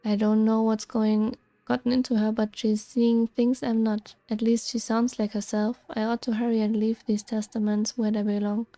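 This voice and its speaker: A woman's voice: on the high side, little pitch movement, moderate pace, hardly any pauses, warm tone, dry recording, lightly acted. A woman reading game lines aloud as a careful young heroine who is worried and suspicious. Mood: uneasy.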